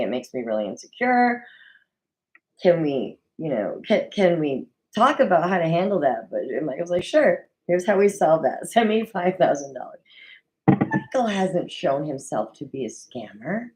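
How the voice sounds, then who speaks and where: Solo recap host, woman, lively swooping delivery, slightly low-set voice, chatty and opinionated. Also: low-quality recording. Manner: chatty, opinionated, animated with mock quoted voices. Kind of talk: casual solo recap commentary. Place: at a desk at home.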